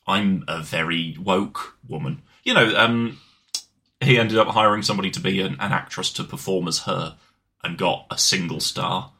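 A man co-hosting a casual podcast, his low voice bright and lively as he jokes and interrupts. He talks fast in bursts and swings his pitch around. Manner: animated, jokey, talks over co-host. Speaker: podcast co-host.

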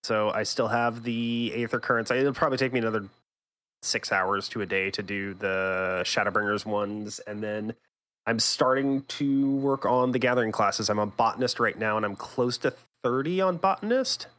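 A man's voice: on the low side, moderate pace, a bit bright. A man co-hosting a gaming podcast in casual chat, teasing and rambling with frequent restarts. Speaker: podcast co-host.

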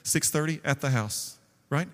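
A male pastor preaching a sermon, telling stories lively and acting out the quotes. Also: on the high side, moderate pace. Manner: lively storytelling with acted quotes. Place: church sanctuary. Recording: long hall reverb.

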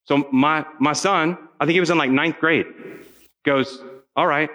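A middle-aged man preaches to a room of students with a bright, ringing tone. His voice sits fairly high, and he tells his story with animated energy, acting out the voices he quotes. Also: unhurried. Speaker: camp speaker.

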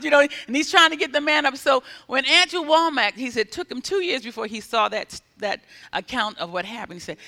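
A man preaching with a strikingly high, very bright voice. He tells his stories animatedly, acting out what people said and rising to loud exhortation. His voice carries a long reverb from a large hall. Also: brisk, few pauses. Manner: animated, acts out quoted speech, builds to loud exhortation. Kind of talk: sermon storytelling.

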